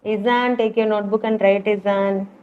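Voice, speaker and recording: A woman's voice: medium pitch, little pitch movement, moderate pace. A woman with an Indian English accent, a preschool teacher running an online class and encouraging the children with repeated call-outs. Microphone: video call. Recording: muffled online call audio.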